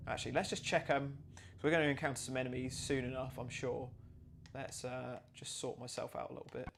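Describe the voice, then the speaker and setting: A man's voice: mid-range voice, little pitch movement, fairly quick, vocal fry, background noise. A man streaming a game live, chatting as he plays, thinking aloud and reading out chat messages and donations. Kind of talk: live game playthrough commentary.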